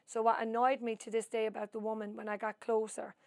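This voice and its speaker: A woman's voice: on the high side, flat delivery, fast, vocal fry, a little mellow, no room sound. Irish woman, oral-history storyteller, rambling with asides, dry close sound. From Ireland. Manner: long-winded storyteller who adds asides. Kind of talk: rambling spoken recollection.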